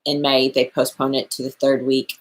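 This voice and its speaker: A woman with an unusually deep voice co-hosts a casual live stream. She explains things in a plain, matter-of-fact way and thanks viewers by reading their comments aloud. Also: completely flat delivery, normal speed, low-quality recording. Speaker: livestream co-host.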